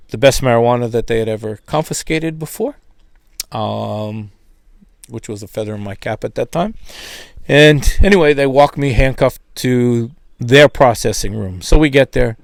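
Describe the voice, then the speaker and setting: A middle-aged man giving a spoken testimony, telling his story in a lively way and acting out the voices of others. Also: mid-range voice, normal speed, gravelly, dry recording. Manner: animated, acts out quoted voices. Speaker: testimony speaker.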